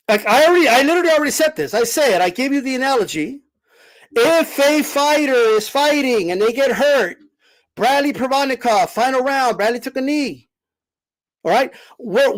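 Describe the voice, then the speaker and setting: Host, male, very high voice, emphatic and lecturing, raises his voice and drives each point home by repeating it. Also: rough recording. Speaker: boxing commentator host. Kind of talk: live-stream commentary answering chat.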